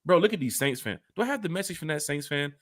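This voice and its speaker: A man with a drawl hosts a fan podcast, his pitch swinging high and low as he rambles on. His voice is a bit higher than most men's and comes out bright and forceful, and he keeps turning to his co-host. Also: fast talker. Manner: animated, rambling, talks straight to his co-host. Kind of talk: casual sports fan chat.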